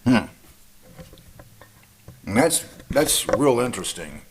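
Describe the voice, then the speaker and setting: A man's voice: medium pitch, big pitch swings, slow pace, noisy background. A man giving casual spoken commentary to camera, rambling and digressive, with frequent fillers and restarts. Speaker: political commentator.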